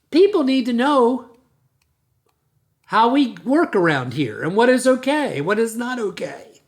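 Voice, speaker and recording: A man hosting a podcast as a dentist, giving a blunt, emphatic monologue with frequent restarts. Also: high voice.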